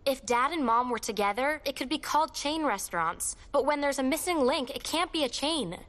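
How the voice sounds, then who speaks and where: A take-charge eldest sister, voiced by an actress, firm and insistent as she gathers her siblings. Her voice sits high and rings bright. Dubbed drama dialogue. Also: lively intonation, fairly quick. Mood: urgent. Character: bossy worried young woman, eldest sister. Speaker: eldest sister calling a family meeting.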